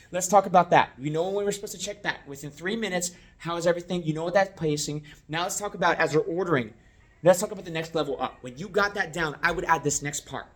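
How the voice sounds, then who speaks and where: A man training restaurant servers, talking straight to the viewer in an animated, coaching way and checking that they follow along. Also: high voice, breathy edge. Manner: acts out guest and server lines. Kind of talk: instructional talk to camera.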